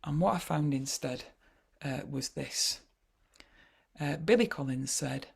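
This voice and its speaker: A woman with a Yorkshire accent leads an online poetry workshop, talking in a chatty, wry way with plenty of hesitations. Her voice has a gravelly, husky edge, and she comes through a video call. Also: low-pitched, unhurried.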